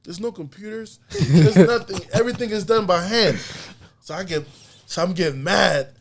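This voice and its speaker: Guesting on a podcast, a male artist and comedian from the United States recounts a story loosely and animatedly, voicing other people's lines amid lots of laughter. His voice sits high, and his pace is moderate.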